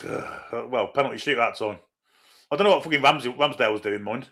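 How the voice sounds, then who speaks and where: Fast-talking blunt man. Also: mid-range voice, sharp tone. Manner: blunt, grumbling, swearing. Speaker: co-host. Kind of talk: live football watchalong chat.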